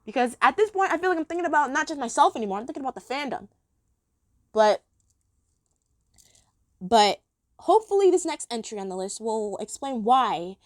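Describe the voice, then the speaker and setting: A woman's voice: high-pitched, dry recording, clean studio sound. A woman chatting casually as she ranks cartoon episodes, gushing and giggly. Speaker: episode ranking vlogger. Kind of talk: casual chat.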